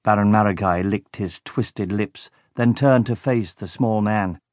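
A man narrating a children's audiobook in a lively, expressive way. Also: lowish voice, unhurried, no room sound, studio quality.

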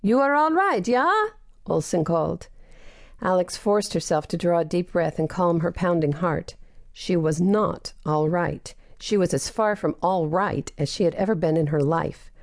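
A woman narrates a novel in a steady, even reading voice. Her pitch sits on the low side, and the recording is dry and close with no room sound. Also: normal speed, no echo. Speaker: audiobook narrator. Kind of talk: scripted narration.

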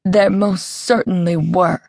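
A woman's voice: lowish voice, fairly even intonation, slow, vocal fry, no echo, exaggerated voice. Whimpering, aggrieved melodramatic woman, read by a female narrator; dry studio sound. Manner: aggrieved, histrionic, soft distressed tone.

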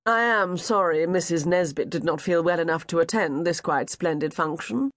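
A man voicing a courteous, flattering English gentleman gambler. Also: on the high side, moderate pace, no room sound, clean studio sound, natural voice. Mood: polite.

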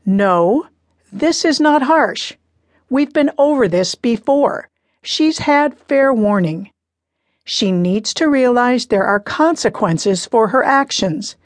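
A woman's voice: fairly high pitch, lively intonation, slow pace, no room sound, pitched above the performer's own voice. A woman narrator voicing a stern, firm middle-aged father in an audiobook, speaking insistently. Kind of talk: audiobook character reading.

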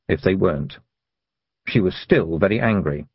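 A man narrating an audiobook for young readers in a lively, expressive reading style. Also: low voice, a little fast, husky, no echo, lo-fi sound. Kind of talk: scripted storybook narration.

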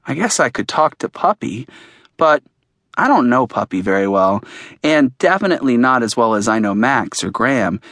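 A man narrates an audiobook in the first person. His voice sits at a middle pitch, and he tells the story plainly and earnestly. The recording is close and dry. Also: very animated, moderate pace, a bit bright, no room sound.

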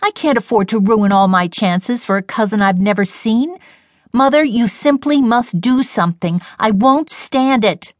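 Petulant spoiled young woman, put on by a woman narrator, higher pitched, storybook reading. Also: measured pace, dry recording, clean studio sound, close to an everyday voice. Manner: whiny, dramatic complaining.

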